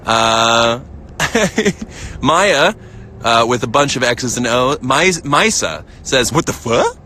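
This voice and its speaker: American guy on a phone live stream, crisp bright voice, goofy and giggly, reading comments out loud. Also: animated, drawn-out words, a little hiss or hum. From United States. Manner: playful, giggly, jumps up into a high voice when joking. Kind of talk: casual chat reading viewer comments. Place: outdoors, lounging in a field.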